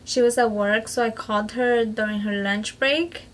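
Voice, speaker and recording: A chatty woman with a slightly raised pitch tells a personal story straight to camera. Her casual talk is full of "like" and "you know", and she slips into Spanish phrases. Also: steady tone, normal speed, slight background noise, poor audio. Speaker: vlogger.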